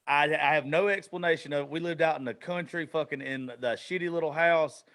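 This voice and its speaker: A male podcast host who talks in a loose, excitable way, swearing freely and breaking into quick asides. His voice sits a bit high for a man. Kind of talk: casual chat.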